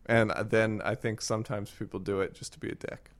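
A man co-hosting a podcast, chatting casually with wry remarks and frequent quick agreement. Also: on the low side, level tone. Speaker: podcast co-host. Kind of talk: casual chat.

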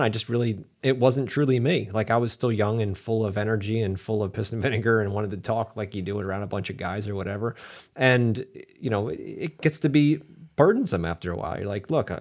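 A man hosts a podcast in a low, relaxed voice. He talks in an easygoing, reflective way and laughs often between thoughts. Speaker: podcast host. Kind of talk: casual podcast chat.

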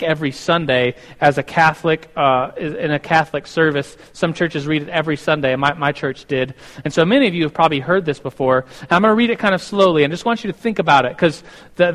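A young man giving a casual church teaching, animated and acting out both sides of imagined conversations. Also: a little high, long reverb tail.

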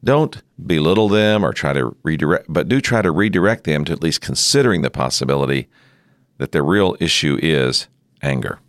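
A middle-aged man giving a measured teaching talk on pastoral care, sometimes acting out sample dialogue. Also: very deep voice, expressive, dry recording, clean studio sound. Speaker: seminary leader teaching on ministry.

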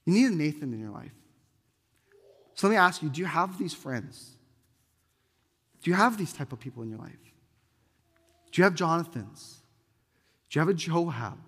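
A man's voice: on the high side, big pitch swings, moderate pace, pauses often, fairly bright tone, breathy edge. A man preaching a sermon, reading scripture aloud and pleading earnestly with his listeners. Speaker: pastor. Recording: reverberant hall.

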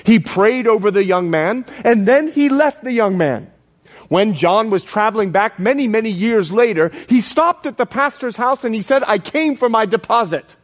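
A Bahamian pastor preaches a sermon at normal speed, his high voice swinging widely and lively in pitch. He tells stories with emphasis, dropping into hushed low lines for weight and rising again for punch.

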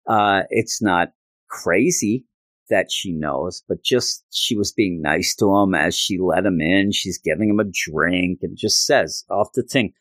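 Earnest man recapping comics, low voice. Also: unhurried, a bit bright, no echo. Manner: earnest, rambling, many fillers. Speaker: podcast host.

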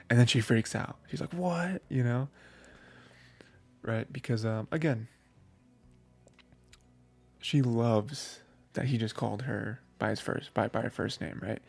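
A man's voice: mid-range voice, creaky, darkish tone. A man hosting an anime review show, rambling through a casual recap with lots of fillers and laughs. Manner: rambling, filler-heavy, laughs while recounting.

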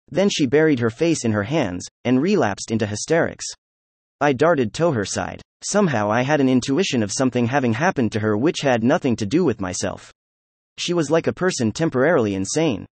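A man narrating a novel chapter as an audiobook, in a steady, even-paced read. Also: medium pitch, fairly quick, no echo. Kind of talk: scripted narration.

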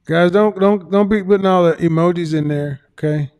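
A man's voice: high voice, normal speed, darkish tone, clear, resonant tone, soft background music. A man hosting a livestream who gives relationship advice, lecturing emphatically, repeating himself and swearing at times. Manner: emphatic, repetitive lecturing with profanity. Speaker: livestream host.

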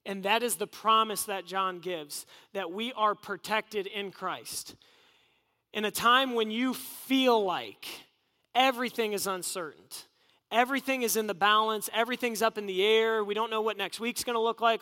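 A man's voice: high voice, measured pace, sharp tone, in a large hall. A man preaching a sermon in an earnest, conversational way. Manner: earnest, conversational preaching with acted inner voices.

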